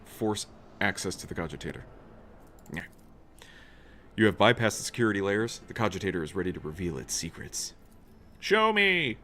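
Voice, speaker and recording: A deep-voiced man with a somewhat bright tone streams a role-playing video game, reading the game text aloud. He keeps it casual, swearing and stumbling as he reads.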